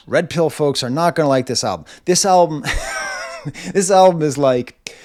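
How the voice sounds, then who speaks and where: A man in his forties gives a casual album review from his home. His pitch sits in the middle, and his talk keeps circling, filled with "like" and restarts. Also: a little mellow. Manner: rambling, self-interrupting, lots of "like". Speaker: music reviewer.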